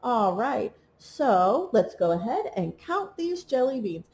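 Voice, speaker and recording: Slow, sing-song preschool teacher woman. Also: fairly high pitch, big pitch swings, a little mellow, a little hiss or hum. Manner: slow, encouraging, sing-song counting and rhymes. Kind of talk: remote read-along lesson for young children.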